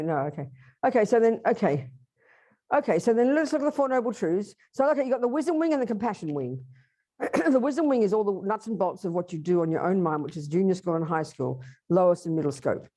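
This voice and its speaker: A woman teaching Buddhism at a workshop, lively, acting out inner voices and asking her listeners questions. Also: fairly low pitch.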